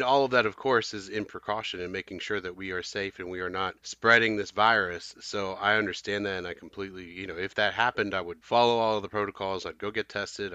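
A man's voice: lowish voice, sharp tone, clean tone, no echo. A man co-hosting a casual podcast discussion, thoughtful and hedging, with frequent fillers. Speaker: podcast co-host. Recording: dull lo-fi dry podcast audio.

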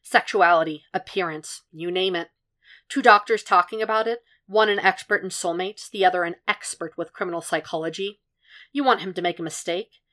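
A woman voicing a weary, calm and stubborn male profiler who speaks in a low, dry, level way. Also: a little fast, natural voice.

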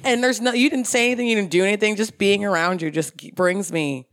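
A woman's voice: medium pitch, fast talker, no room sound, clean studio sound. A young adult woman co-hosting a casual podcast chat, bubbly and teasing, laughing often. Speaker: podcast co-host.

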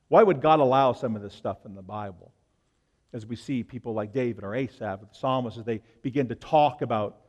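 A male pastor preaching an impassioned sermon, swinging between loud, urgent lines and hushed ones. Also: a little high, big-room sound.

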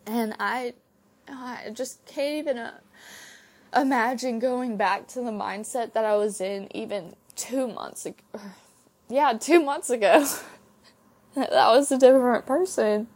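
A young woman speaks slowly and tenderly, sharing her faith story as a podcast host. Her voice is tearful from crying, and she talks haltingly with soft laughs. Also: a little high. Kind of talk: personal faith testimony.

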